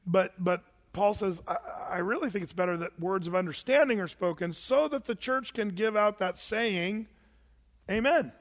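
A man preaching a conversational Bible study sermon as pastor, informal, repeating words and reading scripture aloud slowly, in a church. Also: high-pitched, lively intonation. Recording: long reverb of a church hall.

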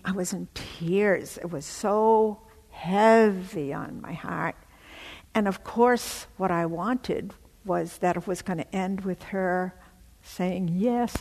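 A woman giving an emotional personal testimony, telling her story haltingly with many fillers. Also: mid-range voice, a little mellow, big-room sound.

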